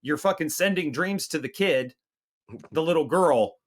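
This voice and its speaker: A man's voice: fairly high pitch, normal speed. A man co-hosting a casual comedic movie review, talking crudely and swearing, slipping into mocking impressions. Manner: crude, animated, mocking spooky voices. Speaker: podcast co-host.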